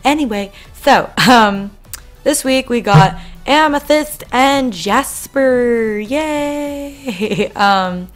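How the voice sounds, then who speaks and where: A woman's voice: on the high side, very slow, faint music behind. A young woman hosting an art channel, giving bubbly, rambling casual commentary on her drawing into a desk microphone, with plenty of ums and asides.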